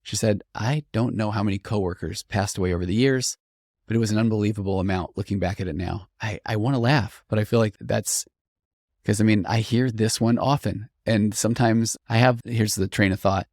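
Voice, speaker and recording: Clean studio audio with no echo captures a middle-aged man's lowish voice at a fairly quick pace. He hosts a podcast and works as a therapist, and in this conversational monologue he reads and thoughtfully reflects on listener stories, earnest overall but animated when quoting them.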